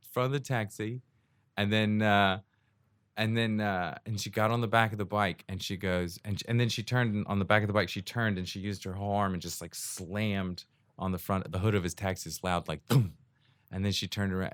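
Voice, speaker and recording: A man's voice: on the low side, fairly bright tone, no room sound. A man hosting his own show, telling a story in a loose, casual way and often laughing as he acts out the people in it. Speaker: podcast host.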